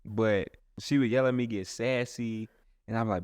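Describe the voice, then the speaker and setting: A man's voice: fairly low pitch, steady tone, normal speed, a little mellow, clear, resonant tone, dry recording. A man who is a pastor, talking earnestly and casually in a rambling way with many restarts. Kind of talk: casual podcast chat.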